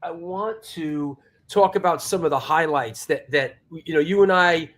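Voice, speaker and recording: A middle-aged man hosting an interview, speaking haltingly and repeating words as he looks for his phrasing. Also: a little high, a bit bright. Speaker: host.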